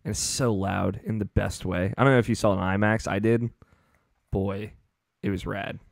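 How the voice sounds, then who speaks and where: Gravelly podcast host, fairly low voice, laid back, dry sound. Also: male voice, fairly even intonation, moderate pace, no echo. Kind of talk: casual chat.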